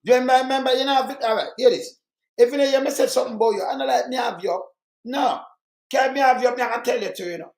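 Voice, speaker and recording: Blunt older Jamaican man, high voice. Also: fast talker, echoey room. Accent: Jamaican Patois. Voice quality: talks in Jamaican Patois, blunt and emphatic. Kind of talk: casual chat.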